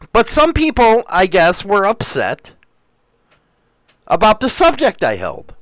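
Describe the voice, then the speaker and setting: A man's voice: sits high, wildly swooping pitch, slow pace, a bit bright, no room sound. A middle-aged man hosting a radio show, rambling bluntly and swearing freely in a casual monologue.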